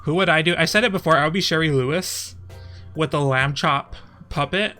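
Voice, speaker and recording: A young man from Texas rambles through casual stream commentary, laughing often and breaking off mid-sentence. His voice is bright and sits a touch high. Faint music plays under him. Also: a little fast. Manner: chatty, laughing often, trailing off.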